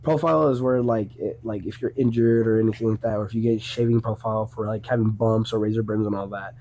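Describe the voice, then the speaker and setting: A man's voice: lowish voice, fairly even intonation, fast, mellow. A young man, a podcast guest, telling casual stories in a rambling way, with many restarts and a lot of swearing. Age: young adult. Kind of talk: casual storytelling.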